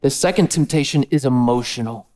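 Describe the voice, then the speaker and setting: A man preaching a sermon in an energetic, casual way, with slang. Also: mid-range voice, brisk. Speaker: pastor.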